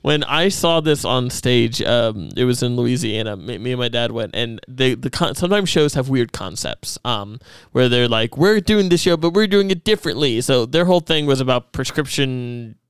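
A young man hosting a podcast in casual, animated chat, laughing often. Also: medium pitch, normal speed, hardly any pauses, clean tone, no room sound, clean studio sound. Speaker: podcast host.

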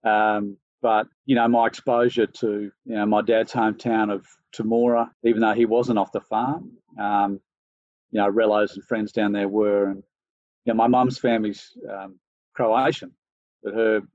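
A laid-back Australian man talks through his answers in a low voice, restarting and filling pauses as he goes. The sound is dry and a little dull, as on a lo-fi recording. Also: level tone, a little mellow, no room sound. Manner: easygoing, thinks aloud with many fillers and restarts. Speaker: interview guest, organisation chief executive. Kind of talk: relaxed conversational interview.

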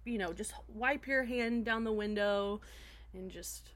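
A woman's voice: mid-range voice, measured pace, fairly bright tone. A young adult woman co-hosting a podcast, chatting casually with lots of laughter and filler words. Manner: laughs a lot, many fillers. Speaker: podcast co-host. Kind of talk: casual chat.

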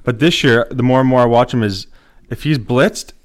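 A man's voice: mid-range voice, moderate pace. A young man co-hosting a casual podcast, talking sports in a laid-back, enthusiastic way. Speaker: podcast co-host.

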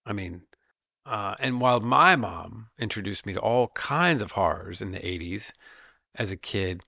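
A gravelly-voiced man in his thirties rants alone into a close podcast mic, loose and profane, now and then dropping into playful put-on voices. The sound is dry and a little dull, with no room around it. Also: on the low side, expressive, unhurried, pushed and bright, no room sound. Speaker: podcast host. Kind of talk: solo rant, casual monologue.

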